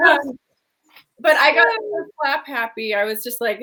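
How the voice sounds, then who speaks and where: A woman's voice: high-pitched, big pitch swings, measured pace, sharp tone. A woman co-hosting a casual cooking show from a bedroom over a video call, playful and enthusiastic, laughing easily. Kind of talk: casual chat. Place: corner of a bedroom.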